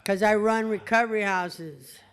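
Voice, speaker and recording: A woman's voice: mid-range voice, fairly even intonation, a little slow. A middle-aged woman giving a blunt, swearing testimony at a recovery meeting, laughing at herself. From California. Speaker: AA meeting speaker. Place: meeting hall before an audience.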